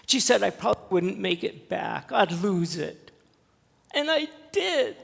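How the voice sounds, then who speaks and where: A man playing a sobbing, ashamed ten-year-old boy in a high, loud, despairing voice. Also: very animated, measured pace, gravelly, breathy edge, heavily acted. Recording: long church reverb.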